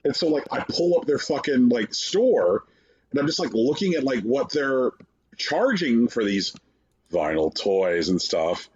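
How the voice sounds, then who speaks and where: A man co-hosting a podcast, talking casually and profanely, sarcastic and mocking, slipping into animated impressions. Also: mid-range voice, unhurried, highs cut off, slight background noise. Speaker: podcast co-host.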